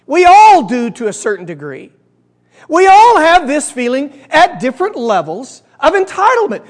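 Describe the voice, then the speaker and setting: A male preacher delivering a sermon, animated and coaxing the audience to repeat lines after him. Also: extremely high pitch, big-room sound.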